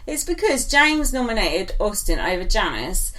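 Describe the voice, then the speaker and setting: A woman's voice: medium pitch, big pitch swings, normal speed, a bit bright. A woman co-hosting a casual gossip chat, blunt and opinionated, laughing often. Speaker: podcast co-host.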